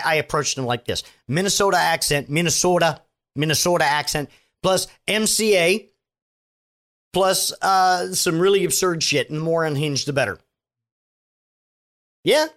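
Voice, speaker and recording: A man's voice: on the high side, a bit bright. A man hosting a podcast, talking in a loose, offhand way with plenty of swearing. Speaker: podcast host. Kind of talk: casual chat.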